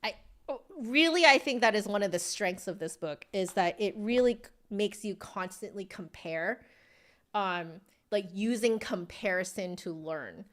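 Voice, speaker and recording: A woman's voice: mid-range voice, expressive, measured pace, fairly bright tone. Enthusiastic woman flute teacher. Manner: enthusiastic, gushing, reads passages aloud. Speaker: flute teacher reviewing a book. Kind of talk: casual video review.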